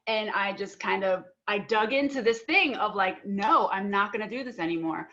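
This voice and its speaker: A young adult woman on a panel earnestly tells a personal story, acting out both sides of an argument, with filler words and restarts. Her medium-pitched voice sounds pushed and bright, at normal speed with hardly any pauses, and the highs are cut off.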